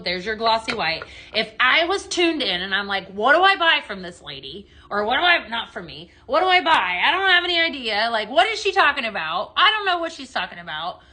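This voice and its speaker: A woman's voice: mid-range voice, bright, forceful tone. A woman hosting a live home-decor sales show, chatting in a bubbly way and talking straight to her viewers as she demonstrates products. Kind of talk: live product demo chat.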